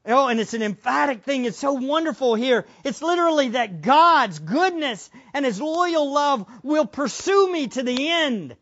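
An impassioned male pastor delivering a sermon, his voice sitting notably high for a man. He swings from hushed, low passages to loud, fervent appeals. The recording is dull and lo-fi.

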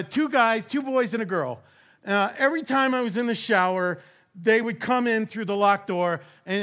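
Male pastor, middle-aged, high voice, chatty sermon, jokey asides, hushed moments. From Louisiana. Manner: conversational, joking asides, drops to a hushed intensity.

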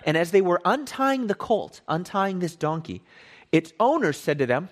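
A man teaching from the Bible in a casual sermon style, animated and conversational, often repeating and correcting himself. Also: high-pitched, normal speed.

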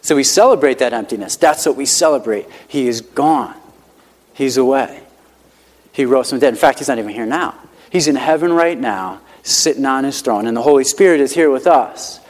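A man's voice: mid-range voice, lively intonation, normal speed. A male pastor preaching a sermon in a conversational, emphatic way, repeating key lines and often saying "like". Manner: conversational, emphatic repetition, frequent "like" fillers. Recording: hall with long reverb.

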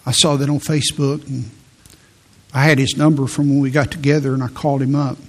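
A man's voice: medium pitch, flat delivery, fairly quick, darkish tone, slightly rough. A man preaching a sermon, telling personal stories earnestly and reading scripture with growing fervor. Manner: earnest storytelling, rising to fervent scripture reading. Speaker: pastor.

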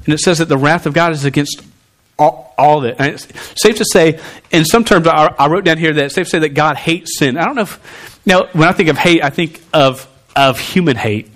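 A man preaches a sermon in a slightly higher-than-average voice. He talks to the room conversationally, with animated bursts and stumbling restarts. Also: fairly quick.

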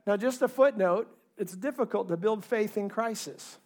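A man preaching a Sunday sermon in church, fervent and emphatic, rising into loud bursts. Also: sits high, moderate pace. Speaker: pastor.

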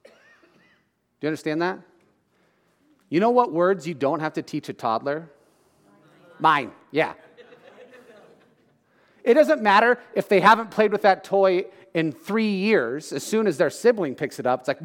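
A man's voice: a little high, lively intonation, normal speed, long reverb tail. A man in his thirties preaching a sermon in a conversational, joking way, often asking his listeners questions. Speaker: pastor.

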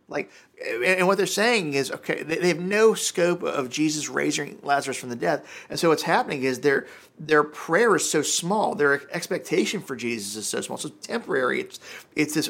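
Male pastor, casual conversational sermon, gravelly, a bit high-pitched. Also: lively intonation, brisk, a bit bright. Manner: casual, conversational preaching with many fillers.

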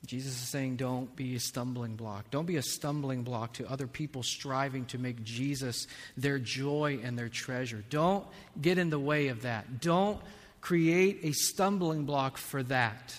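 A man preaching a sermon as a pastor, slow and measured, building to impassioned stretches. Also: mid-range voice. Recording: long reverb of a large hall.

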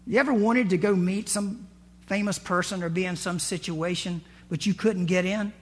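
A man's voice: high-pitched, fairly even intonation, moderate pace, husky. A man preaching a sermon in a conversational way, acting out scripture and quotes with rising emphasis. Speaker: pastor.

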